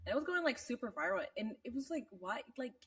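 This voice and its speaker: A woman co-hosting a podcast in a casual, animated chat. Her voice is on the high side and swings widely in pitch, and she laughs and swears freely. She sits a little back from the microphone. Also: fast, breathy edge, recorded from a distance. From Latina. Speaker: podcast co-host.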